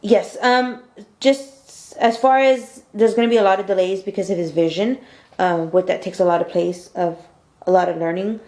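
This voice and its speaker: A woman speaks casually in an interview. Her voice is mid-pitched and soft-spoken, with frequent "um"s and easy laughter, and the room around her echoes noticeably. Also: steady tone, moderate pace. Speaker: mother of the child.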